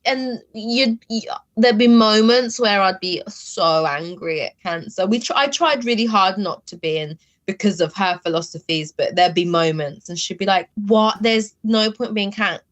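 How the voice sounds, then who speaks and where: A woman speaking candidly as an interview guest, halting and emotional, with many fillers. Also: mid-range voice, lo-fi sound. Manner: emotional, halting, heavy use of "like".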